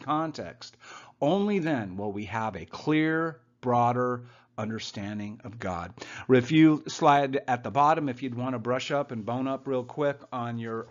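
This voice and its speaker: A man's voice: medium pitch, dull audio. A man teaching the Bible informally over slides. He speaks in a sarcastic, hesitant way, with many "uh"s and mocking asides.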